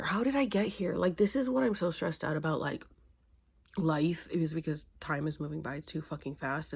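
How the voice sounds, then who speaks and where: A woman's voice: deep voice, vocal fry, a little mellow, breathy edge. A young woman vlogging casually to a phone camera, tired and weepy, rambling and speeding up as she tells a story. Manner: emotional, rambling, fast when telling a story. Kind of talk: casual vlog.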